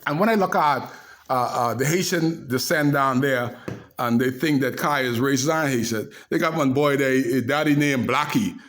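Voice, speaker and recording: A man telling animated, laugh-filled anecdotes to the camera in a casual way. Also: medium pitch, normal speed. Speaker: storyteller.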